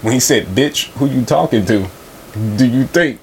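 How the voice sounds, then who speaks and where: A man's voice: medium pitch, lively intonation, moderate pace, a little mellow, slight background noise, low-quality recording. A man in casual podcast chat who mostly answers with short replies and asks questions. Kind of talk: casual hip-hop discussion.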